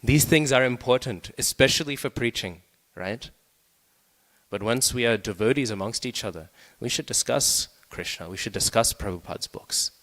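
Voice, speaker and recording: A man's voice: mid-range voice, normal speed, fairly bright tone. Man in a reverberant temple hall. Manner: conversational, often asks "right?" to the listeners. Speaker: speaker giving a scripture class. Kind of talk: scripture class talk.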